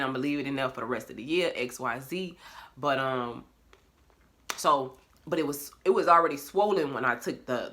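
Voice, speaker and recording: A woman's voice: rumbling low, fairly bright tone. A young woman, talking candidly in a casual confessional vlog, swearing freely and laughing often. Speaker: vlogger. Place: bedroom at home.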